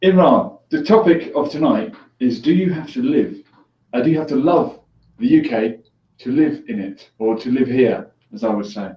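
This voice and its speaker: This man hosts a call-in show, chatting casually with callers and joking and laughing readily. His mid-range voice has lively intonation at a moderate pace. He wears headphones with the mic set at a distance, so the sound is echoey, distant, dull and lo-fi.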